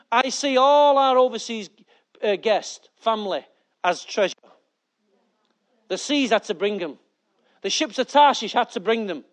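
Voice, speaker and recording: A male pastor, preaching a sermon with lively rhetorical questions and jokey asides to his church. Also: extremely high pitch.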